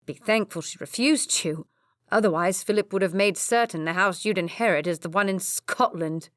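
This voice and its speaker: A woman voicing Edward, a young nobleman who loses his temper and yells at his brother. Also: medium pitch, moderate pace, dry recording, clean studio sound, natural voice. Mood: gentle. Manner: yelling, scolding.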